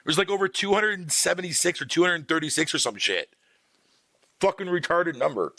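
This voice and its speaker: A gravelly man with a bright edge rants on a livestream, his pitch swinging widely as he swears through his complaints. The sound is dry and close, with no room around it. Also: fairly quick, dry recording. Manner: profane, animated ranting with frequent laughter. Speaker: streamer. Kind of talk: casual livestream rant.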